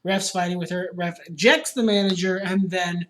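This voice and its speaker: A man's voice: high-pitched, steady tone, moderate pace, fairly bright tone. A man co-hosting a podcast in casual chat, opinionated and ranting, swearing freely. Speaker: podcast co-host.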